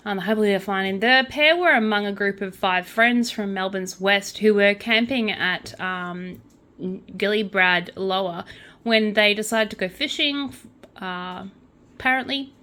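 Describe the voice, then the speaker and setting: A woman's voice: medium pitch, a little slow. A young woman hosting a casual crochet and true-crime channel, reading news items aloud and adding chatty asides. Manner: chatty, with asides and quiet counting under her breath.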